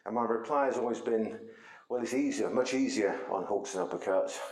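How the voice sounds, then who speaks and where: Deep-voiced man teaching martial arts. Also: brisk, darkish tone, reverberant, low-quality recording. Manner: conversational, explaining with demonstrations. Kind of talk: demonstration lesson.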